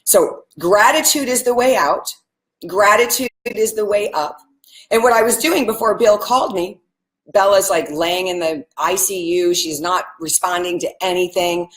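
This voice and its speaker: A woman's voice: medium pitch, normal speed. A woman giving a live spiritual talk, speaking earnestly and straight to her viewers and repeating phrases like mantras. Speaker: spiritual teacher. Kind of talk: live-streamed motivational teaching.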